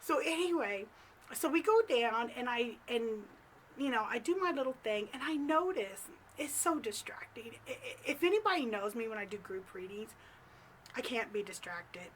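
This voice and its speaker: Bright, high-voiced giggly woman vlogger. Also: animated, moderate pace, a little hiss or hum. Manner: chatty, giggly, lots of fillers and asides. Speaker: psychic medium vlogger. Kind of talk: casual storytelling vlog. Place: home office in a house turret.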